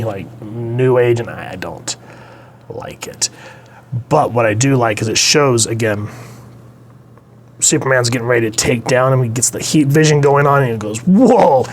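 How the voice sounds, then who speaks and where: A young man gives a casual, rambling comic book review, with an easy-going, enthusiastic delivery. His voice sits in a middle register, and a faint hiss can be heard behind him. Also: mid-range voice. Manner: enthusiastic, rambling commentary with fillers.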